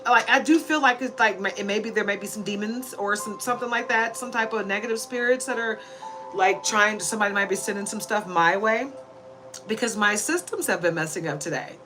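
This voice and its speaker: A woman's voice: a little high, moderate pace, low-quality recording. Earnest woman talking over music. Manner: rambling, earnest, often asks "you know?". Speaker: spiritual reader. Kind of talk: casual heartfelt monologue.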